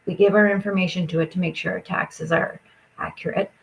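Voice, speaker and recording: A woman's voice: on the low side, steady tone, fairly quick, vocal fry, poor audio. A woman talking straight to her audience in an agitated, rambling rant, swearing often and jumping from point to point.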